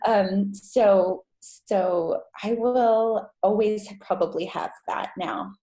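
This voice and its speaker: A woman telling a personal story as a podcast guest, with lively, high-pitched acted-out quotes. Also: slow. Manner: animated, acts out quotes in high voice. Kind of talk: casual storytelling interview. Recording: echoey room.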